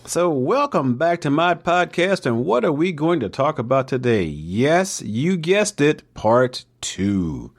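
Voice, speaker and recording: A man's voice: a little high, big pitch swings, takes it slowly, hardly any pauses, faint music behind. A man hosting a motivational podcast monologue, with playful, jokey asides.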